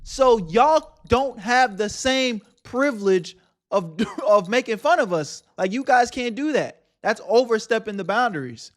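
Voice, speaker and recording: A man's voice: very high-pitched, lively intonation, a little slow. A man reacting live on a stream, talking emphatically in casual slang.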